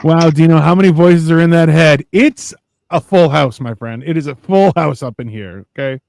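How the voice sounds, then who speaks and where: A man's voice: on the high side, normal speed, creaky, darkish tone, dry recording. A man hosting a casual livestream chat, ranting and sarcastic, with plenty of profanity. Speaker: podcast host.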